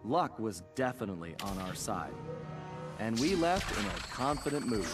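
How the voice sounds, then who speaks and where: An actor voicing a suave male raccoon master thief in a video game, narrating the story in a smooth, confident way. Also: mid-range voice, big pitch swings, moderate pace, natural voice. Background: game music.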